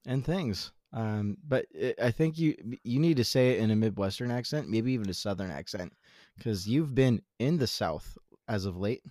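A man's voice: fairly low pitch, expressive, moderate pace, dark tone, no room sound, studio quality. A man co-hosting a podcast, joking and teasing in casual banter. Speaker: podcast co-host. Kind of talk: casual chat.

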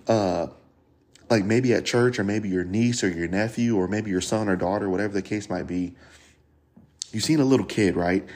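A man's voice: fairly low pitch, darkish tone, husky. A man teaching a Bible passage on a podcast in an earnest, conversational way, often repeating phrases and speaking frankly to his listeners.

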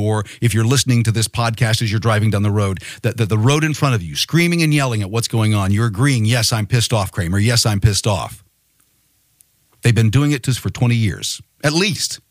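A man's voice: on the low side, no room sound, clean studio sound. A man hosting a podcast, delivering a rousing monologue full of rhetorical questions. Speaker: podcast host.

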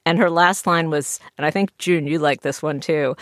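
A woman's voice: sits low, moderate pace, no echo, clean studio sound. A woman hosting a chatty podcast, nasal from a head cold, with frequent fillers and laughs. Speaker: podcast host. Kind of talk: casual chat.

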